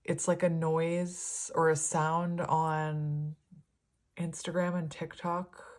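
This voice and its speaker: A woman's voice: low voice, level tone, takes it slowly, darkish tone. A woman giving a casual, rambling tarot reading, her words slightly slurred. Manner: rambling, chatty, laughs often. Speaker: tarot reader.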